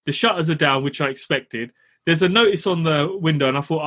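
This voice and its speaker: A young man tells a story in a casual, animated way and swears now and then. His voice sits a little high and has a husky edge. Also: fairly quick. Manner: animated, laughs while telling, swears casually. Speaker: landlord telling a story.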